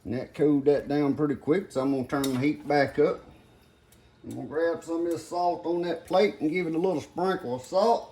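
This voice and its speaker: Speaking a little fast, this older man has a high-pitched voice with a dark tone, and there's a bit of hiss or hum on the recording. As a home cook doing a casual demonstration in his kitchen, he chats folksily and addresses viewers as "guys," with faint sizzling and the clatter of pots in the background.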